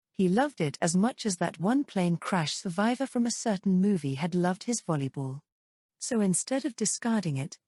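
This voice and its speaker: A woman narrating a light novel audiobook in a steady, even scripted reading. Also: lowish voice, no echo, clean studio sound.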